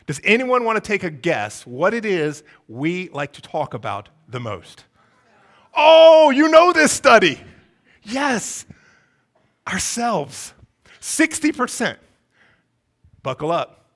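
A man's voice: on the high side, fairly bright tone. A man pastor preaching a sermon, asking the congregation one rhetorical question after another. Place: church sanctuary.

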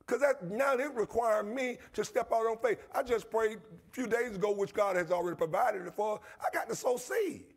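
A man's voice: high-pitched, moderate pace, vocal fry, few pauses, breathy edge. A man pastor, preaching a passionate sermon in his church with call-and-response and repetition. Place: church sanctuary.

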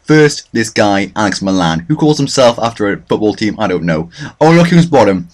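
A man's voice: on the low side, big pitch swings, normal speed. A young man hosting a let's play, commentating his own matches with self-mocking, mock-boastful trash talk. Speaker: gaming channel host.

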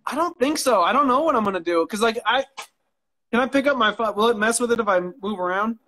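A high-pitched man chatting in a casual interview. He rambles through his stories, swearing freely and laughing often, heard through a phone on a live stream. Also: expressive, fast, pushed and bright. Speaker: guest knife maker.

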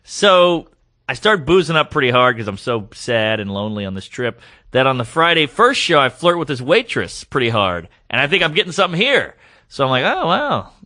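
A man's voice: mid-range voice, fairly quick. A man, a guest comedian, telling a comic story on a podcast and acting out the quoted lines in different voices. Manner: animated, acts out quoted lines in varied voices.

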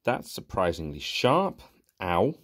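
A man's voice: sits low, sing-song, takes it slowly, fairly bright tone. A young man giving sarcastic, exasperated casual commentary while reviewing cheap toys. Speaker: toy reviewer.

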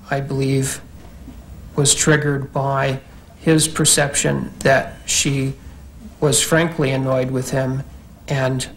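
Flat, gravelly psychiatrist testifying in court. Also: male voice, medium pitch, a little hiss or hum, rough recording. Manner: measured, careful, clinical. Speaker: psychiatrist, expert witness.

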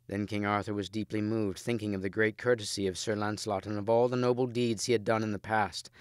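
A man reading a story aloud in steady, measured narration, close on the mic. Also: fairly low pitch, smooth, no room sound. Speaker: audiobook reader. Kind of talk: scripted narration.

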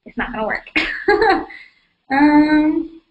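A young woman with a high voice chats through a live question-and-answer stream, stumbling over fillers and laughing easily. The recording is a low-quality stream copy. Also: lively intonation, drawn-out words, phone-quality sound, slight background noise. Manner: chatty, filler-heavy, giggly. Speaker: livestream host. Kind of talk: casual live Q&A.

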